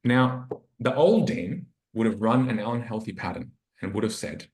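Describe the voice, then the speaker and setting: In a roomy, echoing podcast recording, a relationship coach earnestly reflects on a personal story and plays out his inner dialogue. His voice is fairly low, animated and a little mellow, moving at normal speed with few pauses.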